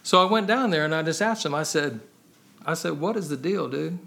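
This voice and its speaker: A man with a somewhat high voice tells his faith story in a casual, heartfelt way. He speaks earnestly and conversationally as a podcast guest, filling his sentences with "man" and "you know.". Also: animated, fairly quick, gravelly, fairly bright tone. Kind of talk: casual personal testimony.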